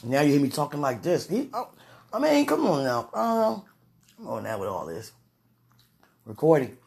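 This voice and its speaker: A woman's voice: low voice, very animated, moderate pace, gravelly, a little mellow. A woman vlogging in a casual, gushing way, praying aloud and laughing between breathless exclamations. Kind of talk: casual talk to camera and prayer.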